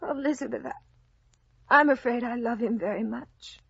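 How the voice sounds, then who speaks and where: A soft, heartbroken young woman. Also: fairly high pitch, normal speed, gravelly, breathy edge, no room sound. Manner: soft and earnest. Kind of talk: 1940s radio acting. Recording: dull old radio broadcast.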